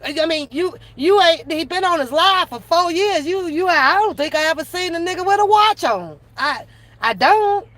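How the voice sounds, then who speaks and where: A woman's voice: very high voice, animated, normal speed, fairly bright tone, no room sound. A woman streamer giving casual reaction commentary in a profane, laughing, rambling rant.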